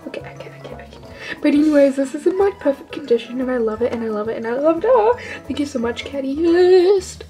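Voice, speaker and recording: A woman's voice: sits high, expressive, quick pace, warm tone, soft background music, low-quality recording. A teenage girl vlogger gushing and rambling as she unboxes toy figures from a trade package. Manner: gushing, rambling, lots of "like" and "oh my gosh". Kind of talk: excited unboxing haul.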